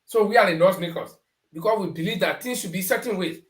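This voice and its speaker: Middle-aged Liberian male panelist, lively storyteller, echoey room. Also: sits high, quick pace. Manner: animated anecdotes, acting out quoted people. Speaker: panelist on a talk show. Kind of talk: storytelling political commentary.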